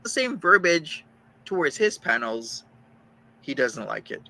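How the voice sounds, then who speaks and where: Gravelly man ranting angrily. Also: on the high side, very animated, unhurried, pushed and bright, slight background noise, poor audio. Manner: heated, insulting, repetitive. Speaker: streamer ranting about a rival. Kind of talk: angry profane rant.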